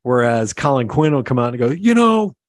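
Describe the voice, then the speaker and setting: A middle-aged man hosts a casual interview, telling stories with energy and slipping into the voices of the people he describes. His voice sits at a medium pitch. The sound is dry and close to the mic. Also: fast talker, no echo. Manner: animated storyteller, acts out quoted voices. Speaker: podcast host.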